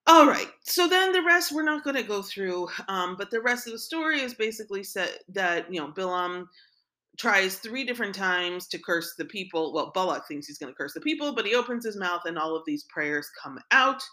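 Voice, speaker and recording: Bright-voiced woman teaching casually. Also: medium pitch, lively intonation, moderate pace. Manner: conversational, frequent "right?" and "like" asides. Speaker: Torah teacher. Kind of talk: informal Torah lesson.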